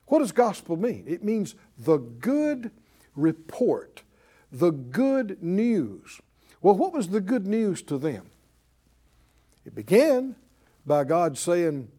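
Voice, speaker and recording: A male preacher delivers a broadcast sermon in a high voice that moves all over the place. Animated, he climbs into emphatic near-shouts, then drops back down to reason with the listener.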